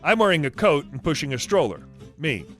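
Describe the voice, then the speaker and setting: Lively, high-voiced man reading stories. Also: a little fast. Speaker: story narrator. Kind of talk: reading online stories aloud. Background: soft guitar music.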